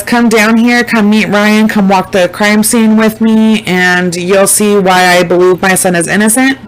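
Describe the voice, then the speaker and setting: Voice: mid-range voice, a bit bright, low-quality recording. A vlogger in casual chat, rambling and swearing freely, repeating words for emphasis. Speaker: vlogger recapping a documentary.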